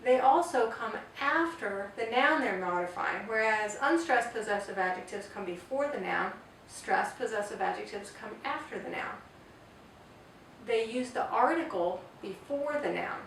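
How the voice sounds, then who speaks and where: A woman's voice: mid-range voice, lively intonation, moderate pace, a bit bright. A woman teaching a grammar lesson, patiently spelling out word forms one at a time. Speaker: Spanish teacher. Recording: echoey room, far from the mic, faint hiss.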